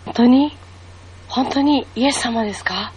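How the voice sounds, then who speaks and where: A woman playing a grieving young unmarried woman in a devotional monologue, speaking in a hushed, tearful, questioning way. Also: a little high, fairly quick, background noise, lightly acted. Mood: awed. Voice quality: breathy, often whispered.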